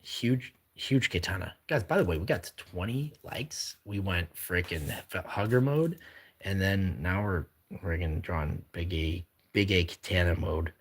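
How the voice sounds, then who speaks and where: Deep husky man chatting on a stream. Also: measured pace. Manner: reads viewer comments aloud and chats back. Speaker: live-stream host. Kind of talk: casual live-stream chat while drawing.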